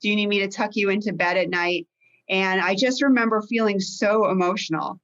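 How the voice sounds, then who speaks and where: A woman life coach speaking as a guest, her voice mid-pitched and her stories told openly from the heart. Her sound is slightly muffled and lo-fi, as if through a modest mic. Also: brisk, a bit bright. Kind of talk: conversational interview.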